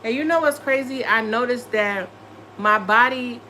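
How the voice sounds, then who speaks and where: A woman's voice: fairly high pitch, normal speed, sharp tone, slight background noise. A woman tarot reader chatting casually on a live stream, giddy and playful from lack of sleep, swearing freely. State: running on no sleep.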